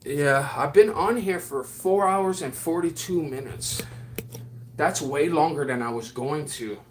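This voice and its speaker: A man's voice: fairly high pitch, measured pace, slight background noise. A man chatting casually on his livestream, rambling and affectionate, with lots of fillers as he answers viewers. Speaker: livestream host.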